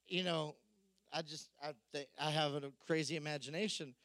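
A man preaching a sermon, telling a Bible story with lively acted-out dialogue. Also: fairly high pitch, dry recording. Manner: animated storytelling, acting out the disciples' voices. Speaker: pastor.

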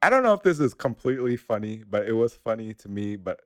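Lively laughing podcast man. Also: lowish voice, fast. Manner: animated, laughs often. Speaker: podcast co-host. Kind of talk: casual podcast chat.

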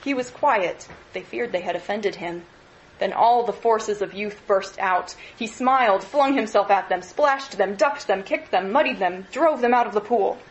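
A woman lecturer reading a novel aloud in an expressive, measured way. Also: medium pitch, lo-fi sound.

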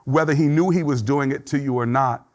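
A man's voice: medium pitch, brisk. A middle-aged man preaching a sermon in an earnest, conversational way, acting out short quotes as he teaches. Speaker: pastor.

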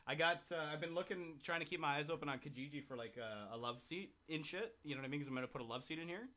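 A man's voice: a little high, rapid-fire. A young man co-hosting a podcast, telling stories in casual chat and swearing a lot. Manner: swearing, animated storytelling. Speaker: podcast co-host.

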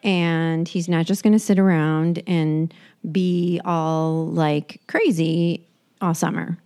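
A woman's voice: deep voice, little pitch movement, slow, mellow, clear, resonant tone. A woman in her forties co-hosting a casual chat show, telling rambling stories full of restarts. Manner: rambling storyteller with frequent restarts. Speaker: podcast co-host.

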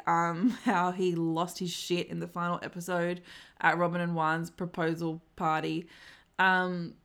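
Young woman podcast cohost, lowish voice, chatty, laughs a lot, swears. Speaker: podcast co-host. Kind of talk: casual chat about reality TV.

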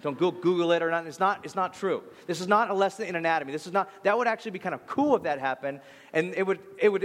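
A man preaching a sermon as a pastor, talking in a loose, conversational way and telling lively stories with quick asides. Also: fairly high pitch, big-room sound. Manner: conversational, animated storytelling with asides.

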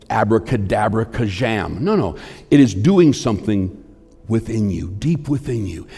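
A man preaching a sermon, swinging between forceful emphasis and hushed near-whispers in a building, repetitive cadence. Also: on the low side, slightly rough. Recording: long hall reverb.

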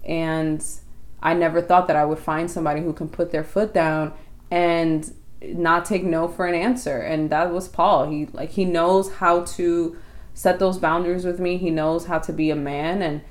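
A woman's voice: on the low side, normal speed. A young woman co-hosting a podcast, telling a personal story in casual chat and acting out her own quoted thoughts. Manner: animated, acts out quoted thoughts. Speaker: podcast co-host.

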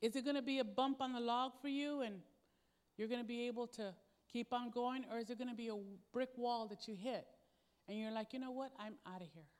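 Woman pastor preaching, chatty storytelling, kinda high voice, echoey church. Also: steady tone, brisk, clean tone. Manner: conversational storytelling, acting out quoted dialogue. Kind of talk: sermon with personal story. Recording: long hall reverb.

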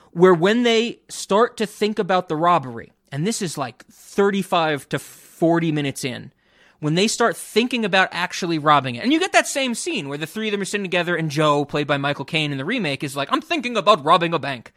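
A young man hosting a casual podcast, giving a blunt, profane, animated review of a film. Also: high voice, moderate pace, no echo, studio quality. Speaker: podcast host. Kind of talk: casual chat.

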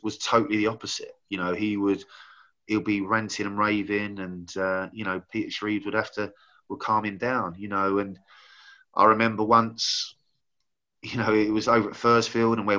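A middle-aged man with a bright, forceful tone and a slightly low voice, telling old stories in a loose, rambling way. He leans heavily on "you know" as he talks. The audio sounds dull and lo-fi. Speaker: former footballer guest. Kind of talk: casual anecdote-telling.

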